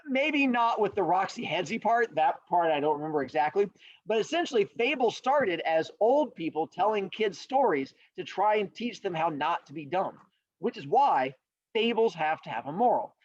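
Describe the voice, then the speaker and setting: Joking guy teacher talking to his class, super animated, kinda husky, muffled lo-fi sound. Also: high voice, normal speed, no room sound. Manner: animated, joking, talks to students directly. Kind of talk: recorded classroom lecture. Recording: dull lo-fi sound.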